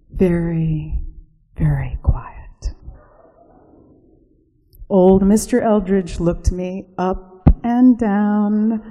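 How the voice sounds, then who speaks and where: A woman narrating a reflective spoken essay, slow and hushed, sometimes dropping to a whisper. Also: mid-range voice, in a large hall, rough recording.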